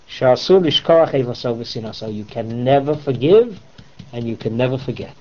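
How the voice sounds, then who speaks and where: A man lectures a Torah class with lively, swooping emphasis, asking his students rhetorical questions and mixing in Hebrew terms. The recording sounds dull and lo-fi. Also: medium pitch, normal speed. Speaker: rabbi teaching a class.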